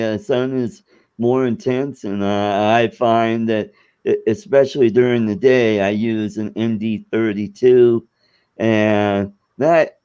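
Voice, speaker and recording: A man talking casually about flying drones, hesitant and halting. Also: medium pitch, a little mellow, clear, resonant tone. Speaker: guest drone pilot. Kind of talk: casual chat. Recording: dull lo-fi audio.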